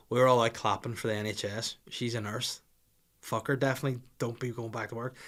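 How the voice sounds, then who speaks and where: Brief: male comic, mid pitch, rambling and excitable with lots of swearing, podcast monologue. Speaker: comedian podcast host.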